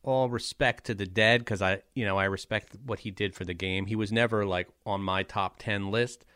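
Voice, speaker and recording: A man hosts a podcast in an easygoing, rambling manner, often pausing to hunt for words. His voice sits on the lower side and sounds dry and close, with no room around it. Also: steady tone, fairly bright tone, clean tone, no room sound. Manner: laid-back, rambling, lots of fillers. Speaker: podcast host. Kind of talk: casual chat.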